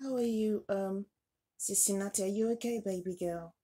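Gentle motherly woman cooing over dolls. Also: mid-range voice, steady tone, normal speed. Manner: gentle, motherly baby-talk to her dolls. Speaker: doll collector and channel host. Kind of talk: doll unboxing vlog.

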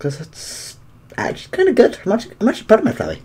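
A man's voice: sits high, huge pitch swings, racing, darkish tone, breathy edge. Young guy streaming a game, goofy and joking, voice bounces all over. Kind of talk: gameplay commentary.

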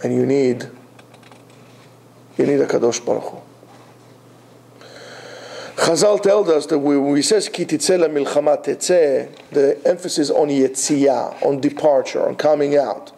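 Brief: male Torah teacher, a little high-pitched, mellow, emphatic with rhetorical questions. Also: unhurried, vocal fry, long pauses. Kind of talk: Torah class lecture.

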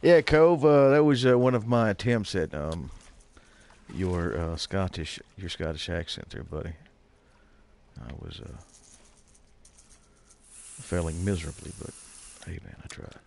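A man's voice: low-pitched, animated, a little slow, creaky, pauses often, darkish tone, slight background noise. A man streaming a game and chatting casually with his viewers, bantering with them by name. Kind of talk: casual live gameplay commentary.

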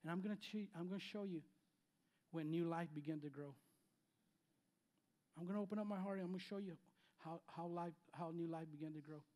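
Emphatic high-voiced pastor. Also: male voice, a little fast, long pauses. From Spanish-speaking background. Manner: emphatic, repeats phrases, swings between loud and quiet. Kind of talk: sermon. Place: church sanctuary.

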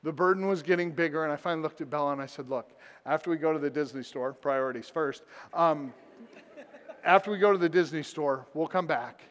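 A man's voice: a little high, brisk. A man preaching a sermon as pastor, telling a personal story with self-deprecating humor. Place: church sanctuary. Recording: long church reverb.

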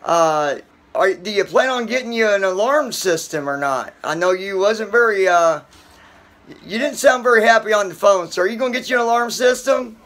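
A man hosting his online show in a casual, halting way with many filler pauses. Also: high-pitched, expressive, a bit bright. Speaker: host. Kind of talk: casual chat.

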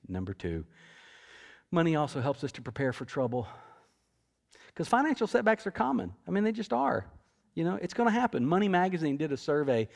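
A middle-aged pastor preaches to his church in a loose, conversational way, telling stories and doubling back on his words. His speaking voice sits a little higher than most men's. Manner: conversational, storytelling with asides and restarts. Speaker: senior pastor. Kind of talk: sermon. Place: church auditorium.

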